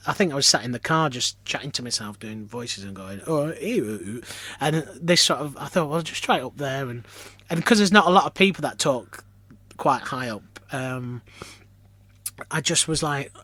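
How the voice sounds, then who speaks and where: A man's voice: medium pitch, lively intonation, moderate pace, a bit bright, no echo. A man from Lancashire, a pantomime performer, chatting as a podcast guest in a self-deprecating storytelling manner with many restarts. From Lancashire, England. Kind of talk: casual interview chat.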